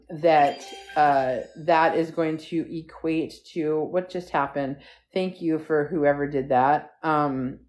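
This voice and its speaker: A woman with a low voice hosts a relaxed live stream into her phone. She rambles from topic to topic and keeps breaking off to thank viewers. Her talk is loose and chatty. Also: a little hiss or hum. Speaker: livestream host. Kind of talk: casual live stream chat. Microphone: phone livestream.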